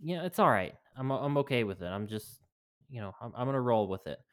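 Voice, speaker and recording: A man's voice: mid-range voice, expressive, brisk. A man co-hosting a podcast, laid-back and hesitant, with many fillers and restarts. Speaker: podcast co-host. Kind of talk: casual comedic chat.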